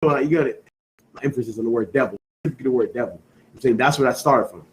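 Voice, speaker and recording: This scripture teacher speaks rapid-fire in a mid-range voice, captured on poor audio with slight background noise. Emphatic and quizzing, he repeats questions to his class and stresses key words call-and-response style, often adding "you know what I'm saying."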